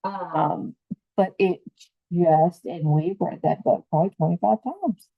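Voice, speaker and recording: A middle-aged grandmother chats as a podcast guest, telling family stories with lively acted-out quotes. Her voice sits somewhat low. The sound is dry, with no room echo. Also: unhurried, gravelly, phone-quality sound. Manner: animated, acts out quotes in the story. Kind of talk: casual conversational storytelling.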